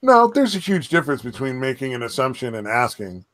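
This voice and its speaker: A man's voice: medium pitch, big pitch swings, a little fast, a bit bright, dry recording. A man chatting on a podcast in a laid-back, agreeable way. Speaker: podcast co-host. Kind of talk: casual chat. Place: recording studio.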